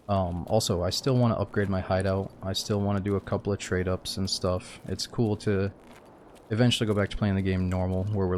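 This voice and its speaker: A man's voice: deep voice, darkish tone, a little hiss or hum. A man streaming a game, sleepy and laid-back, rambling casually and saying "dude" a lot. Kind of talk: casual gaming stream chat.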